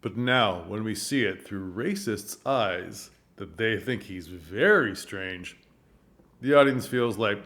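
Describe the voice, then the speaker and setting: A man giving earnest, animated commentary on a stage production, telling the story with frequent restarts. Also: on the low side, slow pace. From United States. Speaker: theater commentator. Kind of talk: casual commentary.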